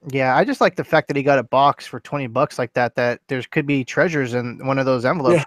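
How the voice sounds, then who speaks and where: A man's voice: medium pitch, fairly quick, no echo. A man co-hosting a casual live stream, upbeat and teasing. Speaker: co-host.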